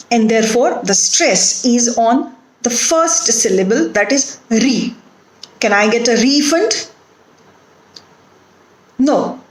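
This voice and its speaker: A woman from India with an Indian English accent, giving a recorded phonetics lecture in a slow, deliberate way and repeating each example word. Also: on the high side. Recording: echoey room.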